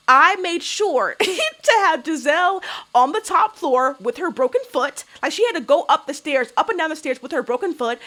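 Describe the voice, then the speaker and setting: A young woman with a high-pitched voice talks through a reality show episode in a casual, opinionated way. She is blunt and sassy, swears freely and keeps tossing out rhetorical questions. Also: a bit bright. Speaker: reality TV recap vlogger.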